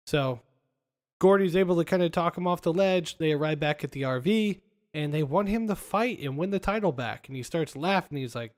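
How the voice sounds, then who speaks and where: Higher-voiced man recapping a film. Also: fairly quick. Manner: animated retelling, acting out quoted lines. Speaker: podcast host. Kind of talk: casual chat, recapping film scenes.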